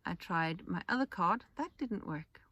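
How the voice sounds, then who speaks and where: A woman's voice: fairly low pitch, animated, a little slow, sharp tone, slightly rough, no room sound, muffled recording. A woman hosting a podcast, talking in a chatty, rambling way with restarts and asides. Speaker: podcast host. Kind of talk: casual monologue.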